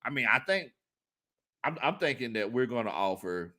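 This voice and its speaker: A man hosting a casual sports talk stream, reading viewer comments aloud and laughing often. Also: moderate pace. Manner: animated, laughs often, jumps into high-pitched squeals. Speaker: sports talk show host.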